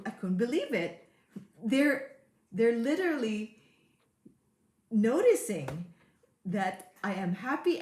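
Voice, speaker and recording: A woman's voice: on the high side, a little mellow, roomy sound. A woman coach giving a motivational webinar, earnest and repeating key words for emphasis. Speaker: high performance coach. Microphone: webinar mic.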